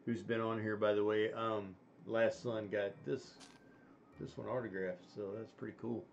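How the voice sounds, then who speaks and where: A man's voice: lowish voice, level tone, normal speed, creaky, muffled recording, a little hiss or hum. A man hosting a casual chat, talking in a rambling way with many fillers and restarts. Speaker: stream host.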